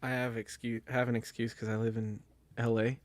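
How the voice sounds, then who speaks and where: A man's voice: mid-range voice, little pitch movement, fairly quick, no room sound. A man telling casual stories to friends with many fillers. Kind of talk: casual group chat.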